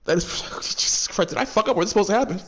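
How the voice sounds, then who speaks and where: High-voiced excitable young man gaming. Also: quick pace. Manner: excitable, swears a lot, laughs often, rambles in slang. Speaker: gaming YouTuber. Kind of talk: let's play commentary, reading game dialogue aloud.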